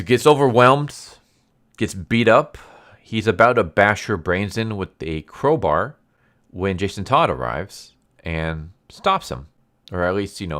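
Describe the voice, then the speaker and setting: Man, deep voice, smooth resonant tone, casual rambling recap, fillers and restarts, wry sarcasm. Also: a bit bright. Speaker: comic book reviewer.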